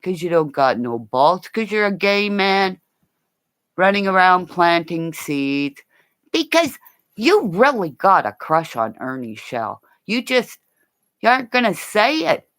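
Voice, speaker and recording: A woman ranting in a rambling, profane livestream, swinging between low growling threats and high shouting. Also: big pitch swings, a little slow.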